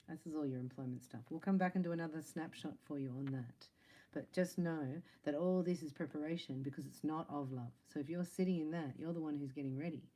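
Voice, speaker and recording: A psychic tarot reader gives her viewers a casual spiritual reading, chatty and playful, laughing between lines. Her voice is deep and warm, she speaks fairly quickly, and the audio quality is poor.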